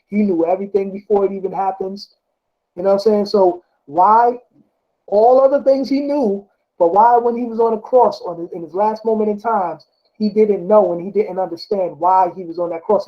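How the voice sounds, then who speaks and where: A man casually talking through scripture. He reads verses aloud slowly, corrects himself often and keeps asking whether the listener follows. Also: high voice. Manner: rambling, self-correcting, often asks "you know what I'm saying?". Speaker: speaker discussing scripture. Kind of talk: casual religious talk, reading verses aloud. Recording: dull lo-fi recording.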